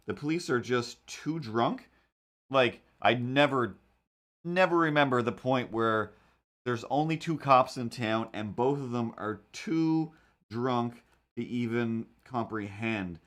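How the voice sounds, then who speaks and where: A man hosting a livestream, chatting casually while he draws and telling rambling, animated stories with quick put-on voices. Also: mid-range voice. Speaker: livestream host. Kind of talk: casual chat while drawing.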